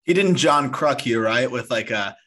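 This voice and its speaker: A man's voice: mid-range voice, animated, normal speed, pushed and bright. A man hosting a podcast, chatting casually, laughing easily and quizzing his guest. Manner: laughs easily, asks quiz questions. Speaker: podcast host.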